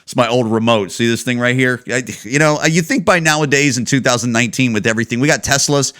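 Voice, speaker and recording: A man from Chicago hosting a comedy podcast, ranting in a profane, animated storytelling manner. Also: mid-range voice, fast. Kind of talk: casual comedic rant.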